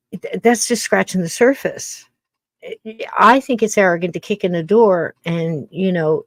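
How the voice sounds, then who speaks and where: A woman's voice: on the low side, a little mellow, no room sound. An older woman hosting a podcast, musing in a casual, rambling monologue full of restarts. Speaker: podcast host.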